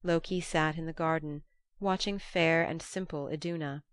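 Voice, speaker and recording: A woman narrating an old-fashioned storybook in a measured, storytelling manner. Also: low voice, steady tone, smooth, no room sound, studio quality. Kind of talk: storybook reading.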